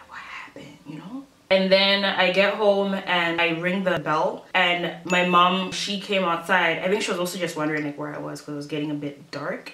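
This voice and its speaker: Chatty young woman telling a story. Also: lowish voice. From Malawi. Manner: chatty and expressive, acting out her own past thoughts. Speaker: YouTuber. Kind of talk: casual storytime monologue. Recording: echoey room.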